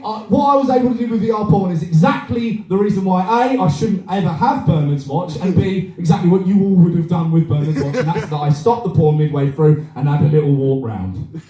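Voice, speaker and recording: A man doing a crude, rambling stand-up set, performing live in a cafe bar. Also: a little high. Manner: crude, rambling, animated, swears a lot. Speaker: stand-up comedian. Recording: echoey room, mic heard from far.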